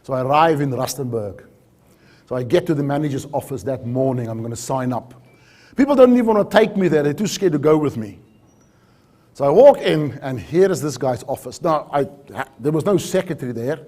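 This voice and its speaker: A man's voice: medium pitch, expressive, fairly quick, warm tone. A man giving a storytelling keynote talk on safety, acting out dialogue with animation. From South Africa.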